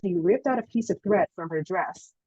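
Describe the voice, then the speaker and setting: Guest, woman in her thirties: lowish voice, lively storyteller, muffled dry audio. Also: moderate pace, breathy edge, dry recording. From Filipino heritage. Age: 30s. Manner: animated storytelling, laughs often. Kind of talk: casual interview chat.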